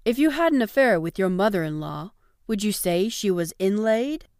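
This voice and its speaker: Sheepish, wisecracking male press agent, read by a woman narrator, smooth and dry. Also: medium pitch, expressive, normal speed, a little mellow, no echo, close to an everyday voice. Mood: joking. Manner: sheepish, joking. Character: big easygoing joking male press agent.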